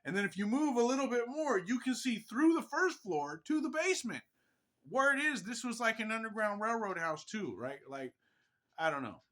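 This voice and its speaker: A man from Pennsylvania telling a personal ghost story in a rambling, animated way, often tacking on "right?". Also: sits high, moderate pace.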